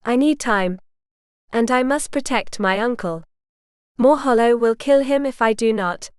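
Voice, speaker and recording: A woman's voice: on the high side, measured pace, clean tone, no echo, studio quality, lightly acted. A woman voicing a young noblewoman who speaks in a resolute, guarded way, in a storybook reading.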